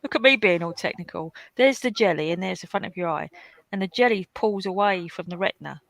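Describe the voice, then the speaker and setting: A woman's voice: on the low side, fairly quick, gravelly, fairly bright tone, no echo, poor audio. Chatty woman hosting a stream. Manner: chatty and anecdotal. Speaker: host of a live colouring stream. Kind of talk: casual chat.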